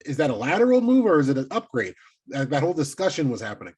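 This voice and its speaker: Husky-voiced man ribbing his co-host. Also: a little high, fast. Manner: teasing, animated, swears casually. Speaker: podcast co-host. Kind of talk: casual sports chat.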